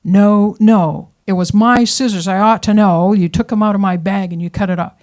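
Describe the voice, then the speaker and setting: A woman voicing a stubborn, indignant wife who insists loudly and emphatically that she is right. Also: medium pitch, fairly even intonation, moderate pace, close to an everyday voice.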